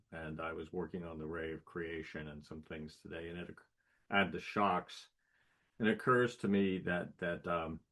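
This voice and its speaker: A man musing aloud in a conversation, searching for his words with pauses. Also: sits low. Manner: searching, thoughtful, with fillers. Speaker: conversation partner. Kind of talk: reflective conversation.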